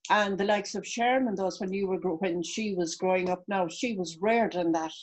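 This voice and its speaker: A woman's voice: medium pitch, moderate pace. Chatty Irish woman on a video call. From Ireland. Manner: chatty reminiscing, many restarts. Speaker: guest. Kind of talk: video call interview chat.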